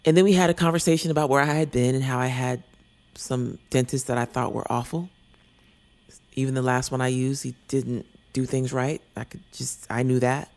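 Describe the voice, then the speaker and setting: A man talks through a personal story in an earnest, rambling, confessional way. His voice sits in a middle register with a noticeable gravelly fry. Now and then he sinks to a soft near-whisper. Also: mid-range voice.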